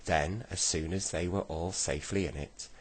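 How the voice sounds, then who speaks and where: A man reading a children's storybook aloud slowly and gently. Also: sits low, slightly rough. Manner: slow, gentle storybook reading with voiced characters. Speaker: reader.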